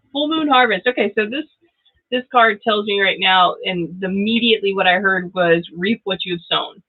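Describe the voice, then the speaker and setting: A middle-aged woman hosting a live tarot reading, chatty and laughing often as she talks straight to viewers. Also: medium pitch. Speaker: tarot reader and channel host. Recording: tinny phone-like audio.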